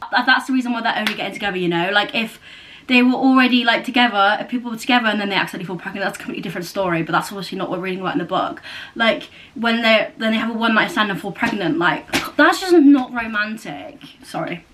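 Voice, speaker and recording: A woman's voice: mid-range voice, rapid-fire, fairly bright tone, a little hiss or hum. A young woman chatting casually at home, rambling with lots of fillers and self-corrections. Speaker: book vlogger. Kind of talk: casual chat. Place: new house, indoors.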